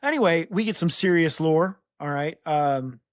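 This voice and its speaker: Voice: medium pitch, expressive, normal speed, no room sound, studio quality. A podcast host retelling a book in casual chat, teasing the guest and laughing often.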